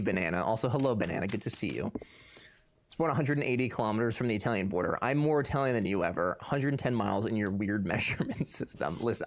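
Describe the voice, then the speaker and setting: Animated, joking young man streamer. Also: fairly low pitch, slight background noise. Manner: joking, animated, playfully defensive banter. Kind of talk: casual chat reading live chat.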